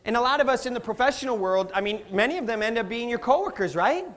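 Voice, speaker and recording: A middle-aged man giving a live motivational talk, energetic and playful, quizzing the audience and laughing often. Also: very high-pitched, fast. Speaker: motivational speaker.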